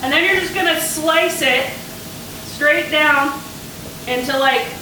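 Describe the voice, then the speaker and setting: A chatty woman from Canada, a touch high-pitched, talks her way through a home cooking video with rambling asides. Her voice bounces around a very echoey kitchen and sounds a little distant from the mic. Food sizzles clearly on a pan behind her. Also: slow pace, pushed and bright. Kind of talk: casual cooking vlog chat. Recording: very echoey kitchen, mic far off, frying noise. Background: food sizzling on a grill pan.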